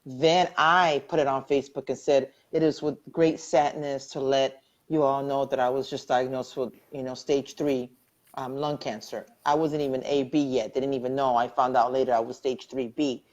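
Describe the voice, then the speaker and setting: Middle-aged woman, low-pitched, earnest and heartfelt, telling her survivor story over a muffled live stream. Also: fairly even intonation, normal speed. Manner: earnest, heartfelt, repeats phrases for emphasis. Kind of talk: personal testimony in a live online interview.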